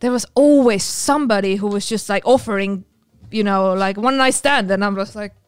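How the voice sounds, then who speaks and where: A woman's voice: mid-range voice, moderate pace, clear, resonant tone, no echo, faint music behind. A young woman from Estonia with an Estonian accent, chatting casually as a podcast guest, rambling with lots of restarts and fillers. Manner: rambling, full of "like" and restarts, laughs often. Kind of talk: casual chat.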